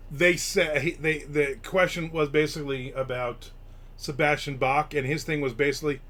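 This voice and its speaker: Male host, sarcastic, foul-mouthed, forceful tone. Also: on the high side, fairly even intonation, normal speed. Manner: profane, sarcastic grumbling. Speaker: podcast host. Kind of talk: casual live-stream chat.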